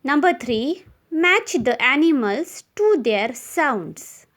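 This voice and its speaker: A woman teacher with an Indian English accent, leading young children through a slow classroom recitation and spelling each word letter by letter. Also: high-pitched, very animated, fairly bright tone. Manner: spells words letter by letter and repeats them.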